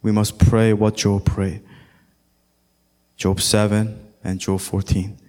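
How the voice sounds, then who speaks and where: In his sermon, the man, a pastor, speaks deliberately and forcefully, rising to loud, lofty appeals and sometimes singing scripture. There's little movement in his pitch.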